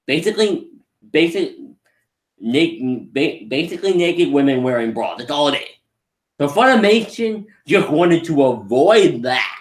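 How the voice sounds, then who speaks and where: A man giving a casual movie review, rambling and often restarting his sentences as he laughs along. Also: a little high. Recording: roomy echo.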